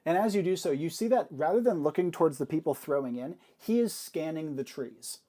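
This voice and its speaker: A man running a tabletop game, describing the action in a fairly high voice. He narrates the scene at length, often pausing on small fillers as he thinks. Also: lively intonation, warm tone. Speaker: game master.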